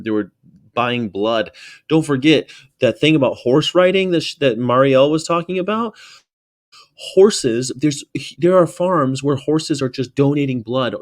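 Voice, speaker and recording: Profane, rambling man reacting to a video. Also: medium pitch. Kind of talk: casual reaction commentary.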